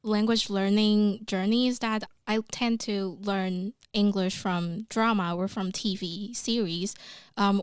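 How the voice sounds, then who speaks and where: A woman's voice: mid-range voice, clean tone, no echo. A woman hosting a casual podcast chat in a recording studio, chatty and giggly, with frequent fillers. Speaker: podcast host.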